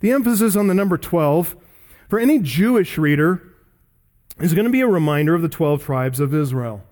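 A male pastor delivers an expository sermon, reading scripture verses aloud and explaining them. His voice sits a little high for a man. He leans on key words with earnest emphasis. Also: expressive, fairly quick, darkish tone.

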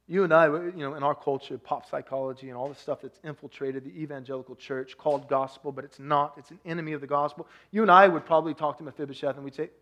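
A man from Texas with a Texan accent, preaching a sermon as pastor, swinging between loud emphasis and soft hushed asides. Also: on the high side, steady tone, fast talker, hardly any pauses.

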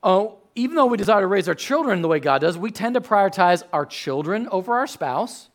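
Chatty, animated pastor preaching. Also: male voice, high-pitched, a little fast. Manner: chatty storyteller, animated with sudden loud outbursts. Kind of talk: sermon.

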